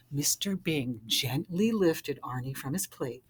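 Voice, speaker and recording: A woman reading a children's picture book aloud with expressive narration. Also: low voice, unhurried, hardly any pauses, breathy edge. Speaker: storybook reader.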